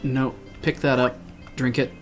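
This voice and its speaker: A man's voice: mid-range voice, little pitch movement, unhurried, faint music behind. Chatty man streaming a farming game. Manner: chatty, self-deprecating, answers chat. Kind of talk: casual game commentary to chat.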